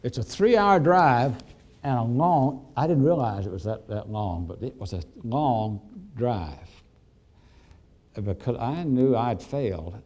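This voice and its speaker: An older male physician, telling a folksy anecdote to an audience with halting fillers. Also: medium pitch, animated, darkish tone. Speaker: physician and speaker. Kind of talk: storytelling talk to an audience.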